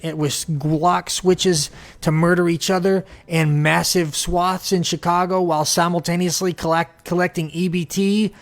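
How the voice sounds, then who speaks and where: A man delivering an angry, profane political rant, swinging between shouting and low growls. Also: vocal fry. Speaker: political commentator.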